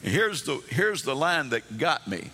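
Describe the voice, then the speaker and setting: A man's voice: mid-range voice, very animated, measured pace, pushed and bright, husky. A man preaching a sermon, telling Bible stories and acting out the characters' pleas in a raised voice. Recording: long hall reverb.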